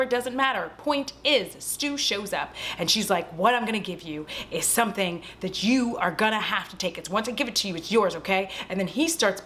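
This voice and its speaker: A young woman casually recapping a horror film at home, animated and swearing freely as she acts out the characters' lines. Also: mid-range voice, slight background noise. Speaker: vlog host.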